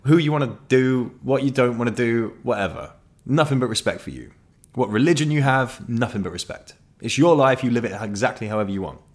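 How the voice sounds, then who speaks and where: A man's voice: mid-range voice, expressive, brisk. A young man talking casually and frankly, swearing often and rambling with restarts as he shares his thoughts. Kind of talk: casual monologue.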